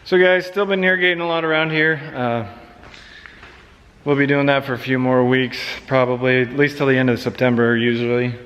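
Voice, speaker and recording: This man's voice sits at medium pitch with fairly even intonation and a fairly bright tone, moving a little fast over slight background noise. He's a farmer and vlogger from central Nebraska, touring his farm by the machinery and rambling casually about the work.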